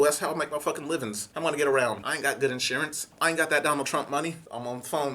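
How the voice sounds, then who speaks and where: A young man telling a comic story in an animated, profane way, acting out voices. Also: mid-range voice, racing, few pauses.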